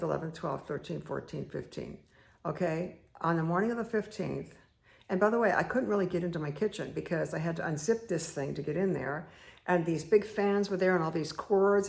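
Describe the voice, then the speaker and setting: Gravelly-voiced woman telling a story. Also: deep voice. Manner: rambling, many fillers and asides. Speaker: meditation host. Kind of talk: casual personal storytelling.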